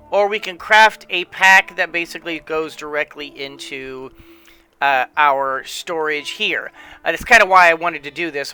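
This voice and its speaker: A man's voice: fairly high pitch, sharp tone, clear, resonant tone. A man casually explaining a space strategy game as he plays, tired late at night, rambling with lots of fillers and restarts. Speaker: gameplay commentator. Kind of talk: casual let's-play commentary.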